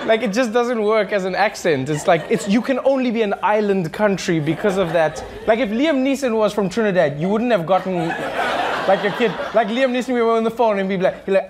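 A man's voice: high-pitched, fairly quick, background noise. A man from Africa, doing playful stand-up crowd work and acting out voices. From South Africa. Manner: animated, playful, acts out voices. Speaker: stand-up comedian. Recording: live club mic with loud audience.

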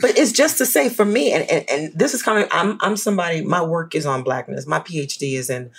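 A woman with a New Orleans accent, speaking as an academic guest in a casual panel discussion, emphatic and animated, often checking in with "right?". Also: sits low, brisk, creaky, slightly rough. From New Orleans, US South.

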